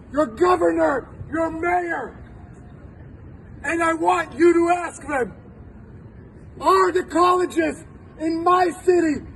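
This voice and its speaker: Man, 40s, professor at a rally; fervent, deliberate delivery, distant mic outdoors with faint city noise. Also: very high voice, vocal fry. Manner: fervent, repeats phrases, shouting at times. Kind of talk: impassioned rally speech. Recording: distant outdoor recording with crowd and street noise.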